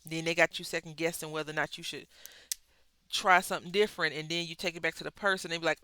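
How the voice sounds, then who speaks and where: A bright, forceful voice with a smooth, crisp tone talks casually while coloring. The host rambles from thought to thought, stops to correct themselves, and gently encourages anyone going through a hard time. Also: mid-range voice, fairly even intonation, quick pace, no room sound.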